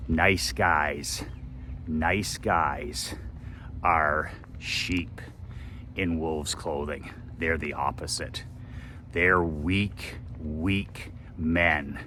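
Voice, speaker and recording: A man's voice: very deep voice, pushed and bright, slight background noise. A man giving a blunt, profane motivational monologue as a business coach, repeating phrases for emphasis.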